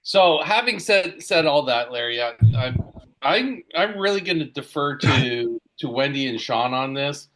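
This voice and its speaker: Male panel guest from Canada, dry and wry, bright tense voice. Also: medium pitch, expressive, measured pace. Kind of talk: casual panel talk.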